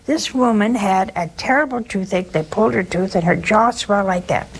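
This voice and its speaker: A woman's voice: medium pitch, moderate pace, slight background noise. Woman hosting a faith call-in show. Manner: folksy, anecdotal, conversational preaching. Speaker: religious call-in show host. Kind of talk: spiritual talk and storytelling.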